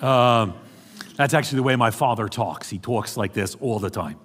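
A middle-aged pastor from New York City with a New York accent, preaching an animated sermon with joking asides to his congregation. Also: lowish voice, moderate pace, a little hiss or hum. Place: church hall. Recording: reverberant church hall.

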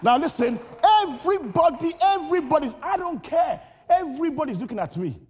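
A preacher originally from Nigeria shouts through his sermon, repeating phrases with rising force and recounting personal stories animatedly. His voice is very high-pitched and a little fast.

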